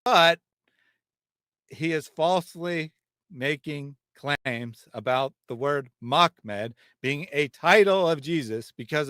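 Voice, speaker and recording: A man's voice: fairly high pitch, a bit bright, no room sound, clean studio sound. A man hosting a livestream, reading out chat comments and explaining in a conversational, thinking-aloud way. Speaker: channel host. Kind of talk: livestream discussion.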